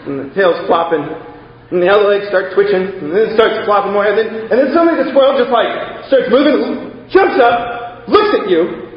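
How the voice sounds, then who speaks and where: High-voiced animated preacher in an echoey hall. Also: male voice, moderate pace, lo-fi sound. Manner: animated storytelling, rising to excited exclaims. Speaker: pastor. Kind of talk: sermon.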